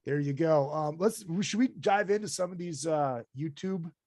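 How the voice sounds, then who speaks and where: A man's voice: a little high, moderate pace, a little mellow, dry recording, clean studio sound. A man hosting a live podcast in a casual chat, reading listener comments aloud. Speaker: podcast host.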